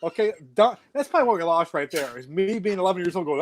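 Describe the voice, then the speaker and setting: Man, 40s, high-pitched, lively casual storyteller who swears freely. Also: quick pace, hardly any pauses, a little hiss or hum. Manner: animated storytelling with frequent swearing. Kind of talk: casual chat.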